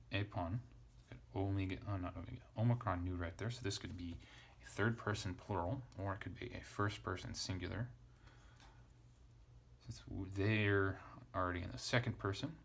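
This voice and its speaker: A man's voice: sits low, steady tone, moderate pace, vocal fry, long pauses. A man teaching a casual lesson, thinking aloud as he spells out letters and parses a text. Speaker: Greek teacher.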